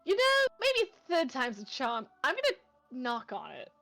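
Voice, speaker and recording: A woman's voice: sits high, huge pitch swings, unhurried, pushed and bright, soft background music. A woman playing a tabletop game, giggly and playful as she talks. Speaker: player.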